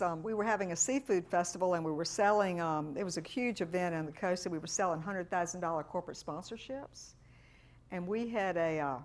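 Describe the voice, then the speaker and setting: A middle-aged woman working as a fundraising consultant gives a workshop talk, telling lively stories that include quoted voices. Her voice sits on the low side.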